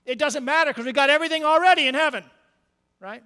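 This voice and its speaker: Pastor guy preaching, bright ringing voice, long hall echo, keeps saying right?. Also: extremely high pitch, expressive, racing. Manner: conversational, repeats words, frequent "right?"; swings between quiet and loud emphatic passages. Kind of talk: sermon. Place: church sanctuary.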